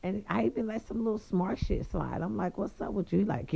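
Husky, gravelly woman telling a story. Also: medium pitch, a little fast, dull audio. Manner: animated, profane, talks straight to viewers. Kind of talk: casual storytelling monologue.

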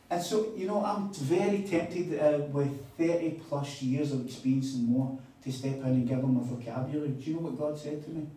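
A man preaching a sermon, telling a story in a chatty, animated way with quoted dialogue. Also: on the high side, brisk, few pauses. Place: conference hall on a weekend retreat. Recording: echoey hall, mic at a distance.

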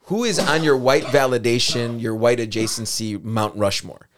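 A man's voice: medium pitch, moderate pace, a bit bright. A man co-hosting a podcast in casual chat; he jokes, acts out made-up dialogue and steers the topics. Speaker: podcast co-host.

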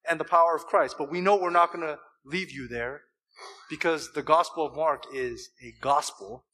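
Preaching to his church congregation, a male pastor speaks in a high, pushed, bright voice. He's emphatic and fills the sermon with rhetorical questions.

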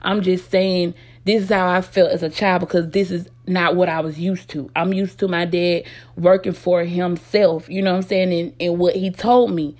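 Gravelly low-voiced woman telling a story. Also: a little mellow, no room sound. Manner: rambling, candid, peppered with "you know what I'm saying". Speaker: vlogger. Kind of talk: casual storytelling to viewers.

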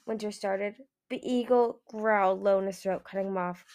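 A woman's voice: medium pitch, fairly even intonation, brisk, a little mellow. A woman reading a fantasy novel aloud in plain narration, now and then correcting herself. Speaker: audiobook reader.

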